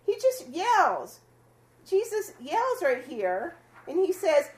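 A woman teaches scripture to her small fellowship in a relaxed, chatty way. Her voice sits high, and she often breaks into laughter with the group. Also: slow. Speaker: Bible study leader.

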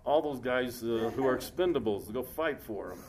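A man preaching a sermon in a conversational, joking way, breaking off to read scripture aloud slowly. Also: mid-range voice, expressive, a little mellow. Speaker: pastor. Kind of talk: sermon, Bible study.

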